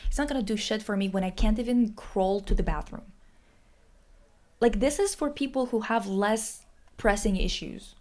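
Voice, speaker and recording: A woman's voice: medium pitch, a little slow, pauses often, a little mellow. A young woman streaming and chatting casually, blunt and emphatic, with frequent swearing. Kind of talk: casual livestream chat.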